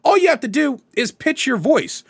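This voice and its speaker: Animated high-voiced man giving tips. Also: moderate pace, vocal fry. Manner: energetic, animated, swears casually. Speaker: tabletop gaming content creator. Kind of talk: casual tutorial vlog.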